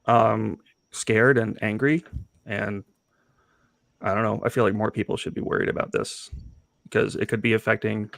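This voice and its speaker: A young adult man and father, speaking as a guest on a live stream in a halting, hesitant way. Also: lowish voice, fairly even intonation, vocal fry, no room sound. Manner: hesitant, halting, reads viewer comments aloud. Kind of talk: casual livestream talk.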